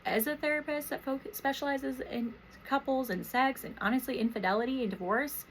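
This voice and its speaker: A woman in her thirties, a therapist and podcast host from Washington State, speaking softly and emotionally in a rambling, reflective personal monologue. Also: high voice, a little fast, a little hiss or hum, poor audio. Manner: soft, emotional, rambling with many fillers.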